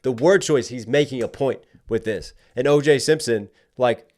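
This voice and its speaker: A man's voice: mid-range voice, moderate pace, a little mellow. A man, a rapper, giving music reaction commentary, analytical and emphatic as he makes his points. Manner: analytical, talks with lots of "like" fillers; gets emphatic when making a point.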